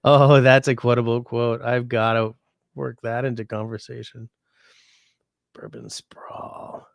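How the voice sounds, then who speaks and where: A man's voice: mid-range voice, flat delivery, normal speed, vocal fry, no room sound, clean studio sound. A sick man hosting a livestream from home, chatting casually and reading viewer comments aloud in a rambling, easygoing way. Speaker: livestream host.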